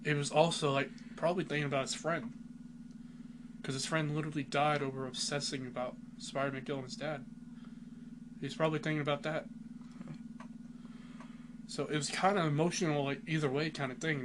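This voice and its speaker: Recorded noisily at home, this male podcast co-host speaks a little fast in a slightly high voice with a steady tone. His casual chat is eager and meandering, heavily peppered with "like."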